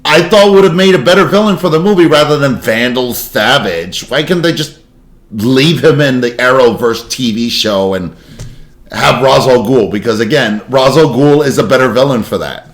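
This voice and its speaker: A man's voice: mid-range voice, moderate pace. A man hosting a reaction video, chatting casually and laughing through swearing asides. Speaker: reaction channel host. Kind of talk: casual commentary over a video.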